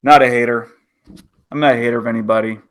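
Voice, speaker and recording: A man's voice: mid-range voice, steady tone, fast. A man co-hosting a podcast in casual chat, playful and teasing. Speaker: podcast co-host.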